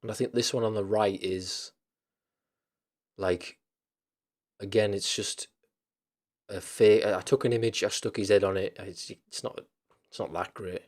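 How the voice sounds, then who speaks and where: A man's voice: on the low side, fairly even intonation, unhurried, long pauses, darkish tone. A man hosting a casual chat stream, rambling loosely with lots of fillers, restarts and casual swearing.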